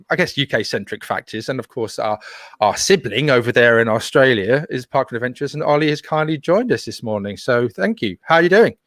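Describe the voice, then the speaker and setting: A man's voice: medium pitch, a bit bright, no room sound. A man from England hosts a casual podcast livestream while fighting off a cold. He chats easily, chuckles often and reads out viewer comments. The sound is dry and close, with no room around it. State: has a cold. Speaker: podcast host.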